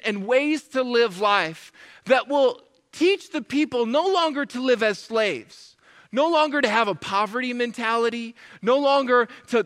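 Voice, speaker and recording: A man preaching a sermon, animated, acting out complaints in a whiny voice. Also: very high voice, long reverb tail. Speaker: pastor.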